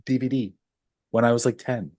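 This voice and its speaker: A man's voice: medium pitch, steady tone, normal speed, a little mellow, dry recording. A young man co-hosting a casual podcast chat, hesitant and laughing, with many ums. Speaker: podcast co-host.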